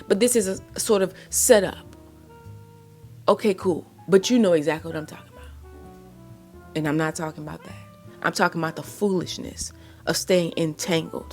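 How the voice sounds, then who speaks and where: A woman lectures on relationships in a low-pitched, impassioned voice. She is blunt and preachy and keeps firing exasperated rhetorical questions. Soft music plays faintly behind her. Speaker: relationship advice vlogger. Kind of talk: faith-based relationship advice monologue.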